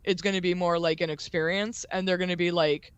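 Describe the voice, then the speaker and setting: A man with a high, smooth voice chatting casually on a stream. He rambles, fills his sentences with "like" and pokes fun at himself. The sound is dry and close, with no room echo. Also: fairly even intonation, fairly quick, a bit bright, muffled recording. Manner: rambling, says "like" often, self-deprecating. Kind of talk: casual chat.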